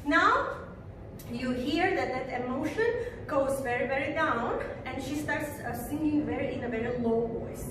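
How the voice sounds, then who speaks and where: Female dance teacher, unhurried, high voice, counts steps aloud; distant camera mic in an echoey room with faint noise. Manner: counts beats aloud and sings rhythm syllables. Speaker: belly dance instructor.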